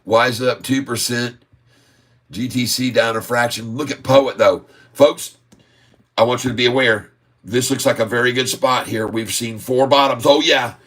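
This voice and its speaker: Hosting a stock market channel live, this man speaks in a mid-range voice at normal speed. He calls price moves with excitement, stretches his chart calls into a sing-song, and repeatedly says "folks" to viewers.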